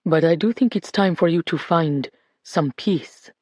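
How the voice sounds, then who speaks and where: A woman voicing a gentle, caring friend. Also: on the low side, measured pace, no echo, pitched below the performer's own voice.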